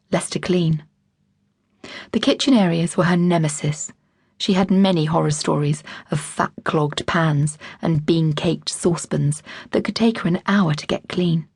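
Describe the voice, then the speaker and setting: A woman narrates an audiobook in a measured, expressive way. Her voice is husky and slightly low, recorded on a close mic with a dry sound. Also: no echo. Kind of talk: scripted narration.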